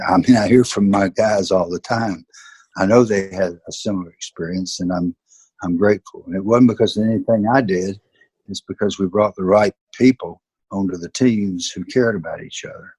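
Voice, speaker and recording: A former football player and coach in his seventies, with a Southern US accent, tells career stories earnestly and emphatically as an interview guest. His voice is deep, husky, a little mellow, at a moderate pace, on a dry recording.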